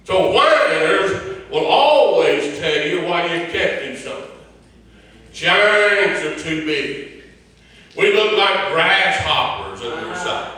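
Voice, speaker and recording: A man's voice: high-pitched, expressive, slow pace, sharp tone. An older man preaching a folksy sermon, mimicking complainers' voices and chuckling between points. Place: church sanctuary. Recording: echoey church from far off.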